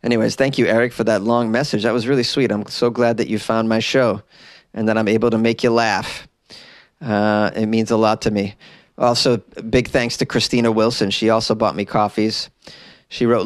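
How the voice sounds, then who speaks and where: A man's voice: moderate pace, a bit bright, dry recording. Dry-voiced man riffing on weird news. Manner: rambling, joking asides with sudden high exclamations. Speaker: podcast host and comedian. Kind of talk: comic news commentary. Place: small closet in an apartment. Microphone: desk mic in closet.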